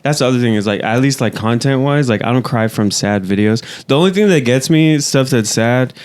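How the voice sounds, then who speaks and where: A man's voice: mid-range voice, brisk. A man in casual podcast chat, telling stories animatedly and swearing now and then. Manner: animated storytelling, swears, speeds up. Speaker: podcast guest.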